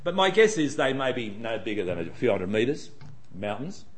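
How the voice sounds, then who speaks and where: A man's voice: medium pitch, big pitch swings, moderate pace. A man giving a chatty, digressive Bible study talk with frequent restarts.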